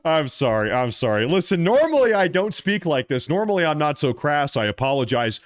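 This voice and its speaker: A man hosting a political commentary vlog, talking in a mocking, animated way and drawing out his emphasis. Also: on the high side, moderate pace.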